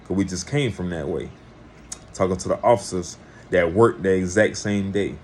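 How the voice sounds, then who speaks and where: A man telling a personal story in a casual, lively way, acting out the people he quotes. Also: low voice, moderate pace, slight background noise.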